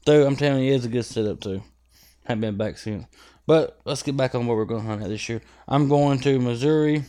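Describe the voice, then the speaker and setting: Animated man telling a story. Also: medium pitch, fairly quick, clean tone. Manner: animated, profane, acts out scenes. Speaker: guest. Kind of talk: casual storytelling chat.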